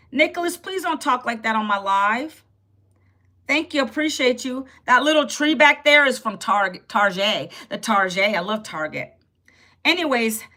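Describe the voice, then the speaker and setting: With a fairly high, pushed, bright voice, the woman in her fifties chats with viewers during a casual live stream. She answers their comments as they come in, talking right to them and laughing frequently.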